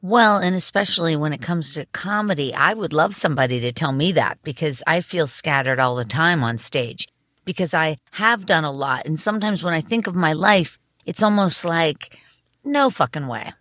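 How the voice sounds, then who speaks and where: A woman comedian as a podcast guest, telling candid stories in lively, casual conversation. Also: low voice, normal speed, dry recording, clean studio sound. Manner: animated storyteller, candid. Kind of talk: casual interview chat.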